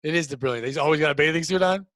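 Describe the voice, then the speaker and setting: A man's voice: on the high side, racing, no echo. A man hosting a podcast, telling crude, rambling stories in casual chat. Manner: crude, rambling animated storyteller. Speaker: podcast host.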